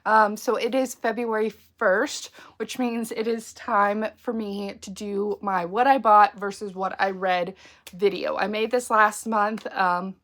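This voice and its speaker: A woman's voice: mid-range voice, fairly even intonation, measured pace, fairly bright tone. A woman chatting casually about her book haul, sick with a froggy voice and full of ums and likes. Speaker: book vlogger.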